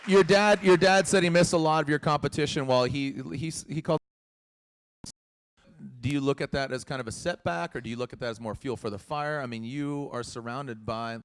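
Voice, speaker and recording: A man's voice: fairly high pitch, brisk, clear, resonant tone. A man hosting a live motorsport press conference, joking and teasing the young drivers with lots of laughs. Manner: teasing, playful, laughs often.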